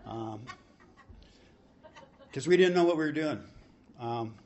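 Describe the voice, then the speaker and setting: A man's voice: mid-range voice, lively intonation, slow pace, a little mellow, dull audio. A man sharing his recovery story at a convention, rambling, joking and swearing freely. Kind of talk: recovery-meeting share. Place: convention hall.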